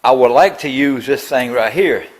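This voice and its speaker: A man's voice: mid-range voice, normal speed, poor audio. An older man, talking through a tractor build in his machine shop in a rambling, grumbling way. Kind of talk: casual workshop vlog.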